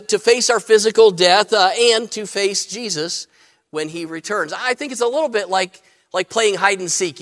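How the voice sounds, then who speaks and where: A man with a fairly high voice delivers a sermon from the pulpit. He speaks plainly, and he often restarts his phrases with fillers. His words trail off into the long reverb of a church. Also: a bit bright. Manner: plain-spoken, frequent fillers and repeated starts. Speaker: pastor. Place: church sanctuary.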